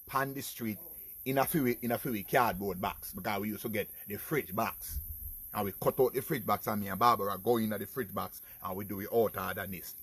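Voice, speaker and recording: A middle-aged Jamaican man telling his own life stories in a casual vlog, animated and talking to his viewers as "people". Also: fairly low pitch, slightly rough. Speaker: vlogger. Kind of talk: casual storytelling.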